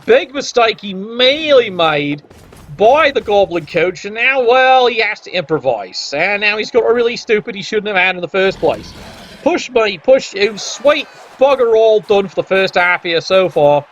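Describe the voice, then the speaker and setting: High-voiced sarcastic male game commentator. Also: big pitch swings, moderate pace, a bit bright. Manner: sarcastic, wry play-by-play. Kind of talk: play-by-play commentary. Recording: dull lo-fi audio.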